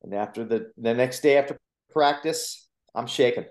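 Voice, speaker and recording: A man's voice: mid-range voice, normal speed. Earnest man telling his story, roomy sound. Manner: earnest, animated retelling with acted quotes. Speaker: motivational coach and speaker. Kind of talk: personal storytelling in a podcast interview. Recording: roomy echo.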